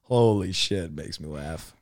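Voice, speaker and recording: A man's voice: deep voice, expressive, normal speed, no room sound, studio quality. A man co-hosting a casual chat, reacting to comedy clips, laughing and swearing easily. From Florida, US. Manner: laid-back, laughs often, swears casually.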